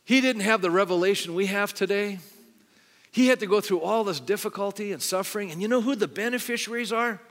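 A man's voice: high-pitched, a little fast, a bit bright. Conversational male pastor in a reverberant hall. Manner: conversational, asks the congregation many questions. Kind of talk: sermon with altar call. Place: church sanctuary. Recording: long hall reverb with faint music.

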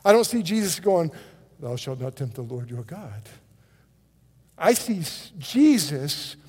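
A man preaching a sermon as pastor, emphatic, with dramatic pauses, repeated words and restarts, and quotes he acts out. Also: high voice, darkish tone. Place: church sanctuary. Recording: long reverb of a church hall.

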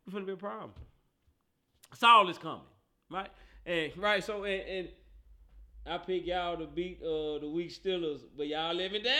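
High bright-sounding guy doing a sports talk rant, aave, teasing, repeating himself, laughing a lot. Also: moderate pace.

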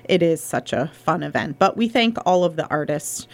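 This woman hosts a local radio show and chats casually and enthusiastically with her guest, thanking people along the way. Her voice sits low, with lively intonation and a moderate pace.

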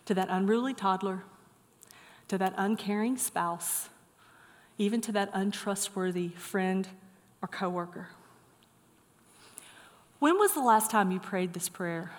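A middle-aged woman preaching a sermon, moving from lively storytelling to soft, earnest encouragement. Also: medium pitch. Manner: animated storytelling, then soft earnest exhortation. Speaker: pastor. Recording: long hall reverb.

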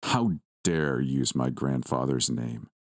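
Man doing a slow sneering demon guy, deep and cold, audio-story villain. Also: no room sound, studio quality, exaggerated voice. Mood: scornful. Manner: slow, low, contemptuous delivery. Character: menacing ancient male demon, cold and disdainful.

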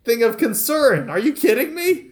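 A man's voice: very high-pitched, very animated, normal speed, a loud crowd. A man co-hosting a comedy podcast, reacting in an incredulous, exasperated way. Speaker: podcast co-host. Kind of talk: casual comedic chat.

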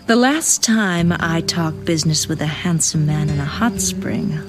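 Cunning warrior woman, sultry, deep-voiced, TV drama clip, heavy music behind. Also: expressive, unhurried. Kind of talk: TV drama dialogue.

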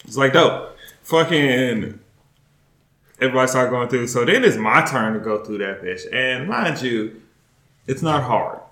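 A man's voice: mid-range voice, unhurried, pauses often, roomy sound. A man hosting a podcast, telling a story in casual chat, laughing and swearing as he goes. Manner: laughing, profane, animated retelling. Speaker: podcast host.

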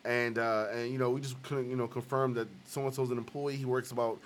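A man's voice: mid-range voice, fairly quick, a little hiss or hum. A man hosting a casual podcast chat, telling a story with lots of laughter and acting out the quoted people. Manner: animated storyteller, acts out quoted voices, laughs often. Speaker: host. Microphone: live stream recording.

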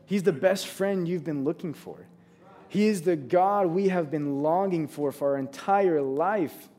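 A man's voice: on the high side, unhurried, dark tone. A man preaching a sermon, earnest and conversational, often restarting his sentences. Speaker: pastor.

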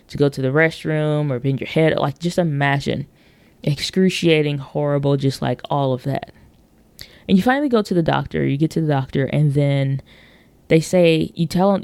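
A woman's voice: deep voice, creaky, darkish tone, dry recording. A woman hosting a podcast, talking casually and rambling with many fillers and restarts, acting out quoted voices as she tells stories. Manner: acts out quoted voices in storytelling. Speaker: podcast host. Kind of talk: casual monologue on marketing.

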